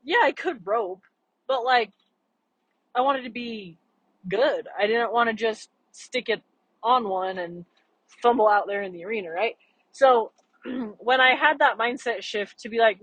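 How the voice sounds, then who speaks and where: A woman's voice: fairly high pitch, normal speed, fairly bright tone, slightly rough, dry recording, low-quality recording. A young woman hosting her own podcast, talking earnestly and chattily about ranch life and personal growth. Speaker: podcast host. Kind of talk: solo podcast talk.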